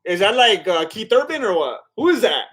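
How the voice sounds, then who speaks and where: A man hosting a live fight watch-along, chatting casually to his chat, laughing often and retelling moments in quick quoted voices. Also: sits high, big pitch swings, a bit bright, breathy edge, faint music behind.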